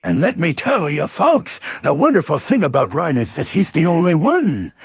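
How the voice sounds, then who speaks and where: A man doing a raspy hooting robot announcer. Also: on the high side, huge pitch swings, moderate pace, dry recording, heavily acted. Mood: gleeful. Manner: exaggerated cartoon hooting and bouncing. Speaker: show announcer.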